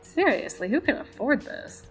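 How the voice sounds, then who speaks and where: A woman's voice: sits high, big pitch swings, moderate pace, faint music behind, low-quality recording. A woman parodying a self-absorbed podcast host in a sarcastic comedy monologue.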